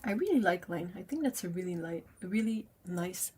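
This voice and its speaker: A woman hosting a painting livestream, chatting casually with viewers, answering comments, laughing often and slipping into soft half-whispered asides. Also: fairly low pitch, animated, brisk, a little hiss or hum. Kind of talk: casual chat while painting.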